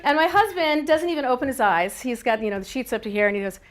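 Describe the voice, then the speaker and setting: A middle-aged woman telling a wry, animated personal story about parenting, often laughing as she talks. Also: fairly high pitch, fast, few pauses.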